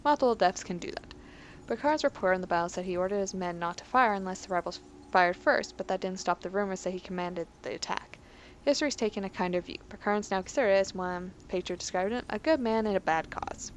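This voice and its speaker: A woman casually reads game lore aloud, stumbling on words and breaking off for wry asides. Her voice sits at a middling pitch over a faint hum in the background. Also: brisk. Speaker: let's play host. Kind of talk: casual gameplay commentary.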